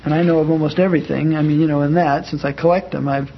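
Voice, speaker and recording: A man's voice: a little high, steady tone, fast, creaky, muffled recording. Man, teacher, chatty lecture, fillers, light hiss behind. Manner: conversational, explains with spoken examples, many fillers. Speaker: Bible class teacher. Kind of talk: informal classroom lecture.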